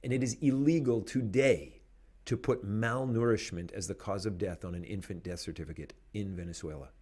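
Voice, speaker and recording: A man hosting a podcast, speaking in an animated, emphatic way and laughing between points. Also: fairly low pitch, brisk, slightly rough. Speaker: podcast host. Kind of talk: conversational commentary.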